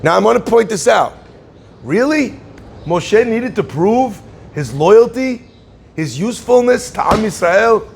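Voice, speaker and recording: A male rabbi delivers a Torah class as a lively storyteller, slipping into the voices of the people in his tale. His voice sits a little high and carries a gravelly rasp. A faint noise runs under the recording. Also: unhurried. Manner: storytelling, conversational, acts out quotes.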